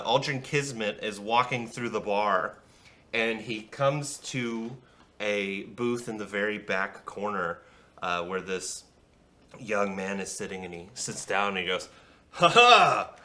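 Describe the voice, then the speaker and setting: A man's voice: fairly low pitch, bright, forceful tone. A man narrating as game master of a tabletop fantasy game, loose and rambling with many fillers.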